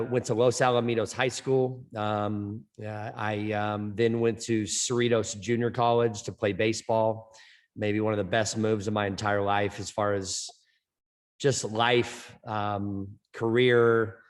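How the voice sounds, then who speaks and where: A middle-aged man from California, a softball coach being interviewed on a podcast, who stutters and often repeats words and fills pauses. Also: fairly low pitch. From Orange County, California. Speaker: head softball coach, guest.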